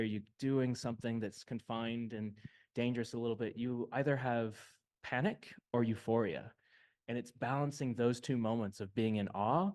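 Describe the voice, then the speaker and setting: A man's voice: medium pitch, a little mellow. A man from the United States, casually telling stories of suit tests on a panel. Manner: casual, uses "like" a lot.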